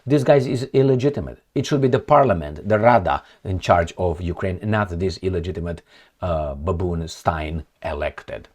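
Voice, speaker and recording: A man commenting on the news in a casual, mocking rant, swinging from loud emphatic bursts to low muttered asides. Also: normal speed. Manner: sarcastic and mocking, with scornful laughs. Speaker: political commentary vlogger. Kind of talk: casual rant over a map and articles.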